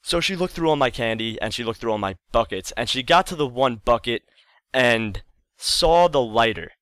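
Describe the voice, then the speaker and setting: A man's voice: mid-range voice, lively intonation, moderate pace, fairly bright tone, clear, resonant tone, dry recording. A man telling a childhood story in a casual vlog, chatty and rambling, repeating words for emphasis. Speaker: YouTube storyteller.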